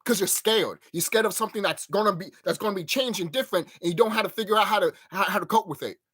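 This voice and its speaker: A man hosting his own video channel, reacting to a clip with an animated, profane, emphatic rant. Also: high-pitched, fast talker, slightly rough. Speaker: channel host.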